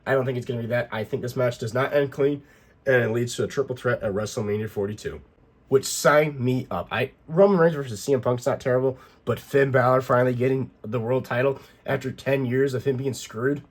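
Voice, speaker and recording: A man's voice: mid-range voice, a little fast, breathy edge. Rambling man recapping wrestling. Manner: rambling, fillers and restarts, exasperated complaints. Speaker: YouTube wrestling recap host. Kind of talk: casual recap and opinion.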